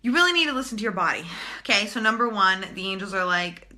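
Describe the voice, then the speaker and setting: A woman's voice: medium pitch, lively intonation, quick pace, pushed and bright. A young woman talking casually and bluntly to viewers in a live stream, swearing freely as a spiritual channeler.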